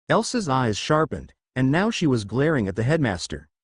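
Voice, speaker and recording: A man reading fan fiction aloud as a storyteller, in a lively, expressive way. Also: medium pitch, normal speed, breathy edge, no echo, clean studio sound.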